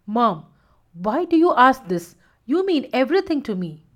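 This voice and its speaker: A woman's voice: sits high, big pitch swings, moderate pace. A woman voicing a proud, headstrong young male lion who speaks in a self-assured, stubborn way.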